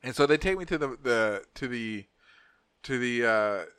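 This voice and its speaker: A man's voice: mid-range voice, moderate pace, smooth, no echo. A man co-hosting a podcast, telling a story in casual, profane chat and acting out the voices of the people in it. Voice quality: profane, animated, acts out voices in anecdotes. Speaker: podcast co-host.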